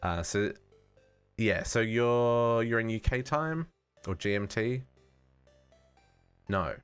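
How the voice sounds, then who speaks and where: A man's voice: fairly low pitch, slow, smooth, faint music behind. Australian man musing aloud while gaming. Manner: thinking aloud, musing and self-correcting. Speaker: streamer. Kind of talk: casual live-stream gaming chat.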